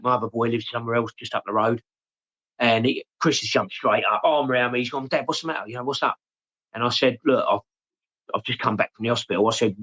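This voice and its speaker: An English man in his forties, talking openly and haltingly in an interview, often repeating his words and saying "mate". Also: medium pitch, a bit bright, muffled recording. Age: 40s. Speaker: podcast guest. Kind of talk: emotional personal interview.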